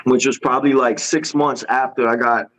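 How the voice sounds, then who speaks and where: In a podcast studio, a male guest tells a story with animated energy, using street slang and acting out each person's lines in different voices. His voice is medium-pitched at normal speed, on a low-quality recording.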